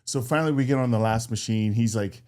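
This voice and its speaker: A man's voice: mid-range voice, fast talker, a little mellow. Easygoing man chatting on a podcast. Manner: easygoing, chuckles often, trailing restarts. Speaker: podcast co-host. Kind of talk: casual chat.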